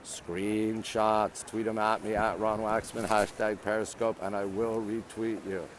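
With a fairly low voice that barely moves in pitch, a Canadian man speaks at a measured pace while streaming live outdoors. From monument steps in a busy city, he greets viewers and reads their comments aloud, phone in hand, with slight background noise.

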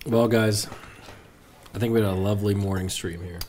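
A man's voice: lowish voice, steady tone, moderate pace, a little mellow, slight background noise. A man hosting a casual home stream in a kitchen, talking in a tired, dry way as he wraps up. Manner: tired, dry wrap-up talk. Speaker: streamer host. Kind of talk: casual chat.

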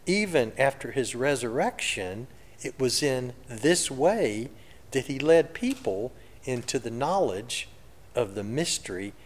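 A man's voice: mid-range voice, in a large hall. A man preaching a sermon in a reflective, conversational way. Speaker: pastor. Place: church sanctuary.

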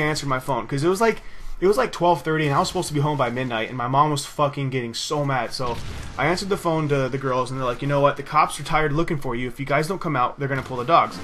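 A man's voice: fairly high pitch, a bit bright. A young man with a slightly raised voice rambles through a story while he plays a game. His telling is loose and casual, full of swearing, with laughs at his own tale. A faint hiss sits under the voice. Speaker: gaming video host. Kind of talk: casual storytelling over gameplay commentary.

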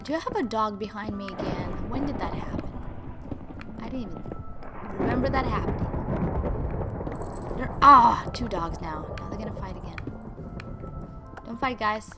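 A woman's voice: medium pitch, normal speed, long pauses. A young woman chatting casually to her viewers and her dogs while playing a game, playful and talkative. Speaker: gaming YouTuber. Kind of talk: casual gameplay commentary. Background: game music.

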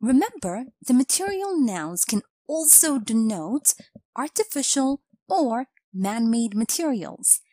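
Slow, lively-voiced woman teaching grammar. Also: fairly high pitch, no room sound. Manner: slow, clear instructional delivery. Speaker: English teacher. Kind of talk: scripted grammar lesson narration.

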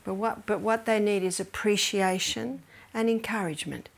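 A middle-aged woman giving a health seminar that weaves in Bible teaching. She tells stories lively, laughs often, and drops to a soft whisper for emphasis. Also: medium pitch, normal speed, creaky. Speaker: health educator.

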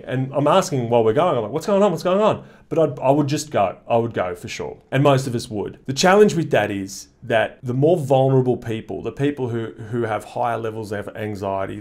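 A man's voice: fairly low pitch, darkish tone. Man thinking aloud in a monologue. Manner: thoughtful, explanatory, frequent "uh" fillers. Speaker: commentator. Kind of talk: reflective talking-head monologue.

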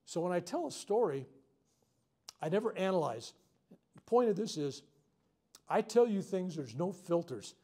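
Man, reverend running a workshop; warm, mellow, slightly high voice, frank heartfelt storyteller who bursts loud at dramatic points. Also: normal speed, pauses often. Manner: animated storytelling, loud outbursts at dramatic moments. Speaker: reverend leading a self-healing workshop. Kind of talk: storytelling talk to a live group. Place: workshop room with a live audience.

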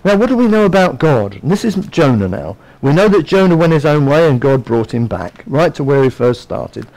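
Lively high-voiced male preacher. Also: a little fast, poor audio. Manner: animated, storytelling, acts out voices. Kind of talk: sermon.

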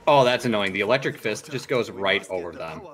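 Lower-voiced teasing gamer man. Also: lively intonation, a little fast, fairly bright tone, faint music behind. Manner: teasing, swears casually. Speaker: co-op player. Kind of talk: casual gameplay chat.

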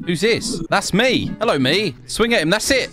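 A man's voice: sits high, animated, moderate pace, music in the background. A man giving joking gameplay commentary in voice chat, playful and teasing, laughing often. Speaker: gaming YouTuber.

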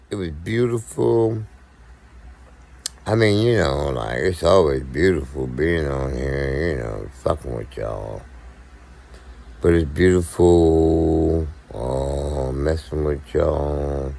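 A man's voice: a bass voice, vocal fry, a little mellow. A man, co-hosting a podcast in a casual, blunt, profane monologue to viewers. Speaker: podcast co-host.

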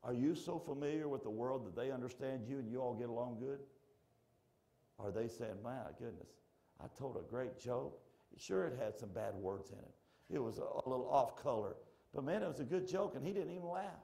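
A pastor preaching a sermon in a church, swinging from shouted lines to hushed, close asides. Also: male voice, mid-range voice, expressive, brisk, creaky. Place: church sanctuary.

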